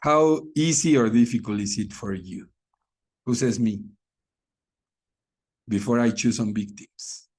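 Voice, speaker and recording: A man's voice: mid-range voice, unhurried, pauses often, darkish tone, husky. A man leading an English class discussion, speaking English as a with many fillers and restarts. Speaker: English teacher.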